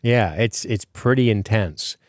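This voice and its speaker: A man's voice: fairly low pitch, measured pace, dry recording, clean studio sound. A man hosting a podcast in casual chat, rambling with many fillers and casual swearing. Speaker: podcast host.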